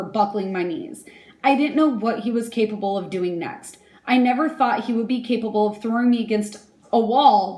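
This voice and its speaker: A young woman reading her prepared impact statement aloud in a measured, earnest way. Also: fairly high pitch, echoey room. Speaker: victim giving an impact statement.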